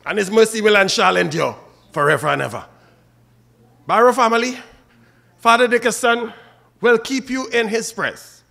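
A man's voice: high-pitched, normal speed, creaky, pauses often, bright, forceful tone. A man with a Trinidadian accent preaching a funeral sermon and calling out to the mourners by name. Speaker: officiating minister at a funeral.

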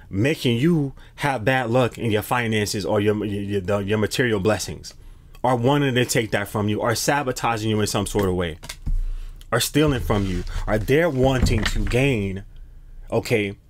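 A man's voice: mid-range voice, moderate pace. A man giving a casual spiritual tarot reading to his viewers, slangy and emphatic, often repeating phrases and restarting as messages come through. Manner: hesitant restarts when channeling messages. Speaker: tarot card reader.

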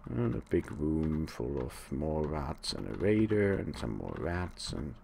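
Let's play host, male, deep and slow-spoken, dry sarcasm, rambles while he plays, faint hiss behind. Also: very animated, creaky, darkish tone. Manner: sarcastic, talks to the monsters; rambling, thinks aloud. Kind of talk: live gameplay commentary.

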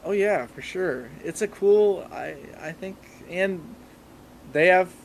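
A man's voice: high-pitched, animated, takes it slowly, gravelly, slight background noise. A young man as a podcast guest, telling travel stories in a rambling, casual way full of fillers. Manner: rambling, filler-heavy storytelling. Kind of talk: casual chat.

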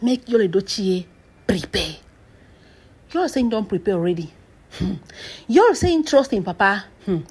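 A woman's voice: medium pitch, sing-song, measured pace, pauses often, darkish tone, husky. A woman with a Nigerian Pidgin English accent telling celebrity gossip as a dramatic story, stretching out phrases, dropping into whispered asides and bursting into exclamations.

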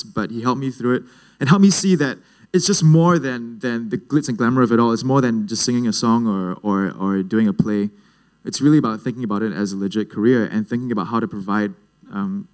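A young man in his twenties with a Singaporean English accent, giving a personal storytelling talk at a youth event. He speaks casually and jokes around, keeping the story lively, in an ordinary mid-range male voice. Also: mid-range voice.

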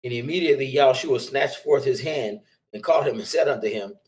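A man's voice: mid-range voice, a little fast, poor audio. Man steadily reading old scripture aloud. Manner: steady, plain reading of archaic verses. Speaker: scripture reader.

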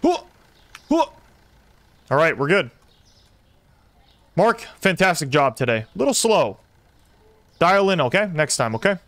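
A young man streaming a simulator game, commenting excitedly and talking to his chat as he plays. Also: a little high, measured pace, long pauses, no echo. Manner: excitable, talks to chat while playing. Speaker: gaming streamer. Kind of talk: live gameplay commentary.

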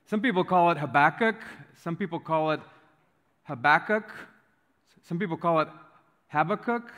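A man's voice: fairly high pitch, fairly bright tone. A man preaching a sermon as pastor, joking and conversational with frequent fillers. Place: church sanctuary. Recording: reverberant church hall.

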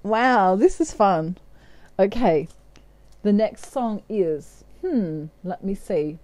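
A woman's voice: mid-range voice, lively intonation, slow, a little mellow, no echo. A woman giving a casual tarot reading in a playful way, often slipping into bits of song. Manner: playful, breaks into snatches of song and laughs. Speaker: tarot card reader.

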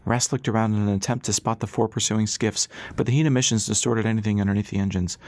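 A man narrating an audiobook in a brisk, steady storytelling manner. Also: fairly low pitch, no echo. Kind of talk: scripted narration.

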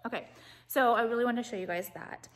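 A young woman vlogging casually at home on a phone camera, swearing often and talking in quick, restarting bursts full of "like". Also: a little high, heavy background noise. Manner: chatty, profane, full of "like" and restarts. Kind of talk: casual vlog chat. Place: at home, walking through rooms.

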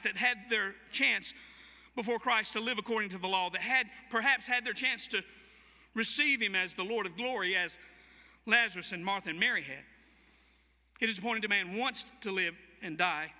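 A man's voice: high voice, sharp tone. A man preaching a sermon as pastor of a church, with a Southern American accent, telling the story vividly and acting out the quoted voices. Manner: storytelling, dramatic voicing of quoted speech. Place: church sanctuary. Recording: long church hall reverb.

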